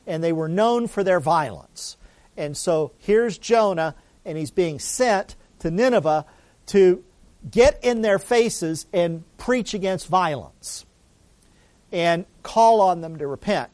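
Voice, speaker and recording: A man giving a sermon who tells the story loosely and conversationally, often restarting and adding asides. His voice sits a bit higher than most men's. The sound is dry and close, with almost no room echo. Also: animated, slow pace, a little mellow. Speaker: pastor.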